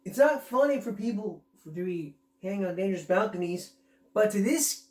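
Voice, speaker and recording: A man's voice: high-pitched, expressive, fairly quick, noisy background. Giggly male host, casual commentary, roomy sound. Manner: giggly, laughs constantly. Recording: roomy echo.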